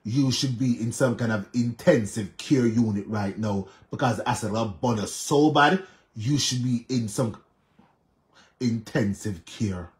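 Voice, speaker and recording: A man's voice: medium pitch, unhurried. A man with a Jamaican accent giving emphatic, repetitive casual commentary on social media drama, mixing patois with English. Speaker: online commentator.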